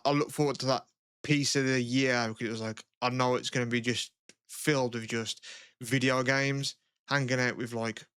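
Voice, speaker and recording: A man's voice: mid-range voice, a bit bright, clean tone, no room sound, studio quality. A man co-hosting a podcast in casual chat, rambling, with a lot of "like" and swearing. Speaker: podcast co-host.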